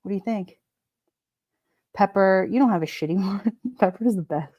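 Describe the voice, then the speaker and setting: A middle-aged woman with a New York Italian accent hosts a relaxed livestream, greeting viewers by name and riffing on their comments. She talks in a mellow, warm tone, and her voice sits close and dry on the mic. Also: medium pitch, moderate pace, no room sound, highs cut off. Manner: chatty, wisecracking, laughs often. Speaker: livestream host. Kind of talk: casual live chat reading comments.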